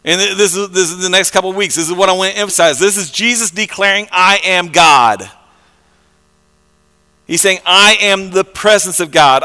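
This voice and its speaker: A pastor preaching a conversational sermon, repeating words and swinging between soft and loud passages. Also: male voice, high voice, big-room sound.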